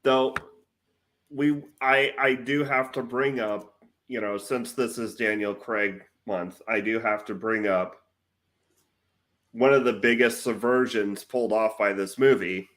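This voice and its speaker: A man's voice: mid-range voice, steady tone, a little slow, a bit bright. A man co-hosting a casual film podcast, speaking hesitantly with fillers and restarts. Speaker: podcast co-host.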